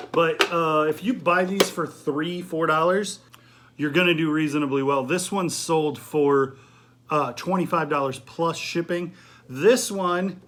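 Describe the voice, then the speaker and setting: A man's voice: on the high side, fairly bright tone. A middle-aged man hosting a casual resale vlog, talking through his finds in an easygoing way with frequent ums and restarts. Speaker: eBay reseller and channel host. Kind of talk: casual thrift haul vlog chat.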